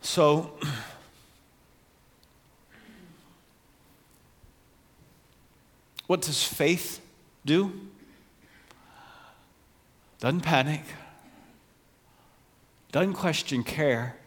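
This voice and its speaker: A man's voice: fairly high pitch, drawn-out words, pauses often, big-room sound. A man preaching a sermon in an earnest way that rises to passionate emphasis. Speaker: pastor.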